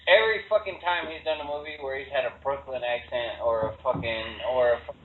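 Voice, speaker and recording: A man's voice: mid-range voice, brisk, slight background noise. A man co-hosting a casual podcast, ranting bluntly with heavy swearing. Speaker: podcast co-host. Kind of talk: casual profane banter. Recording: phone-like lo-fi echoey room.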